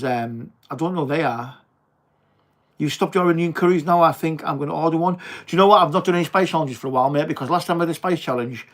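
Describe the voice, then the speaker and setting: A young man with a Teesside accent hosts a casual livestream, chatting to viewers and calling everyone mate. His voice sits a little high for a man, and his talk is loose and blokey with the odd swear word. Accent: Teesside English. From England. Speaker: livestream host. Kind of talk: casual livestream chat reading viewer comments.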